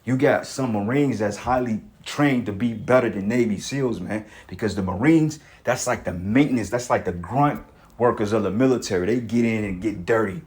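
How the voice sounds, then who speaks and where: Man, fairly low voice, reads news aloud, rambling commentary, profane, streetwise, repeats and restarts words. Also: moderate pace, darkish tone.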